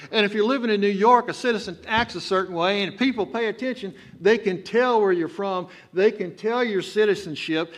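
A man from Texas preaches in a drawling Texan accent, his voice sitting a little high for a man. He builds from steady teaching into emphatic, rising bursts of exhortation, the sound of a church sermon. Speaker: pastor. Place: church sanctuary.

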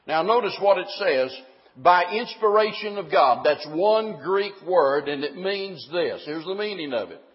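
A man's voice: high-pitched, animated, unhurried, big-room sound, muffled recording. A man preaching a sermon, emphatic, putting questions to the congregation and answering them himself.

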